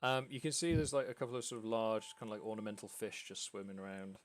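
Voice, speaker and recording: A man's voice: on the low side, fast. A man from the UK narrating a tabletop game as game master, in a loose, rambling way with many fillers. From United Kingdom.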